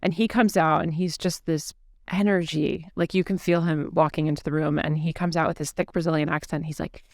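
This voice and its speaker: A woman podcast host telling a personal story in casual conversation, earnest and animated, with quoted speech. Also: deep voice, fairly quick, no room sound, clean studio sound.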